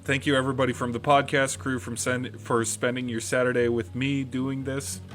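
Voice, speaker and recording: A man's voice: mid-range voice, flat delivery, normal speed, fairly bright tone, soft background music. A man hosting a podcast, wrapping up in a casual, rambling chat and restarting phrases as he goes. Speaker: podcast host.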